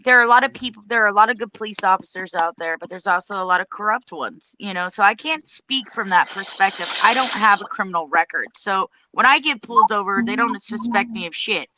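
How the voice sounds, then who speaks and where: A woman's voice: mid-range voice, brisk, hardly any pauses, bright, forceful tone, a little hiss or hum. A woman in casual chat, talking bluntly and swearing freely as she gives her opinions. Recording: dull lo-fi audio.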